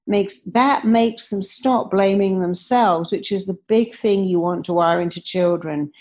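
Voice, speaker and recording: A woman's voice: mid-range voice, measured pace, hardly any pauses, darkish tone. Earnest woman telling stories. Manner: earnest, storytelling, acts out quoted dialogue. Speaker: guest therapist. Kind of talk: podcast interview answer. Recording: slightly dull lo-fi audio.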